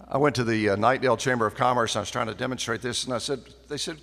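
A man's voice: medium pitch, racing, gravelly, few pauses. A man giving a folksy, anecdotal after-dinner speech as a guest speaker at a banquet. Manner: folksy storyteller, lively and animated. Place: banquet hall. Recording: echoey banquet hall.

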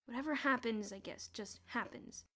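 A woman's voice: a little high, moderate pace, sharp tone. A woman voicing a jumpy, gloomy schoolboy in an audiobook, panicky and complaining. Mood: miserable. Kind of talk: audiobook character voice.

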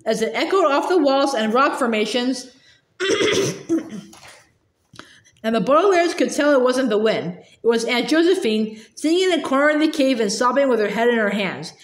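Woman audiobook reader, high pitch, casual throat-clears and restarts; roomy sound. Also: expressive, moderate pace. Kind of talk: reading a novel aloud. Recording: roomy echo.

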